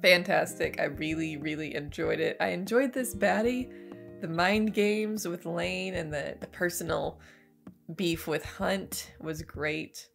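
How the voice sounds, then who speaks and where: Reaction host, young adult woman, sick with a cold: scratchy and stuffy, lowish pitch, chatty and excited. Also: measured pace, creaky, soft background music. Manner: enthusiastic, gushing, laughs often. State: hoarse from a cold, a bit stuffy. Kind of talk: casual spoken movie review.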